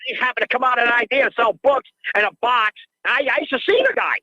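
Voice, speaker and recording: A man's voice: extremely high pitch, fast, pushed and bright, no echo. An older man calling in to a radio show, ranting in an agitated way and repeating himself, heard through dull lo-fi call audio. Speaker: caller.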